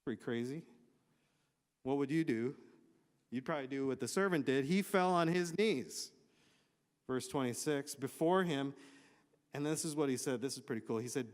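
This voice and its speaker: A man's voice: mid-range voice, normal speed, pauses often. A male pastor preaching a conversational sermon in a church, reading scripture with casual, joking asides. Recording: long hall reverb.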